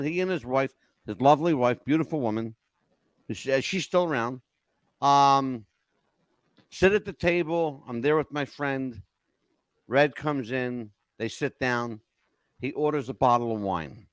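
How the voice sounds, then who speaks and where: An older man hosting a podcast, telling animated stories in an emphatic way and checking in with "okay?" as he goes. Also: medium pitch, a little slow, long pauses, no room sound. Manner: emphatic, keeps asking "okay?". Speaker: podcast host. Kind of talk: animated storytelling chat.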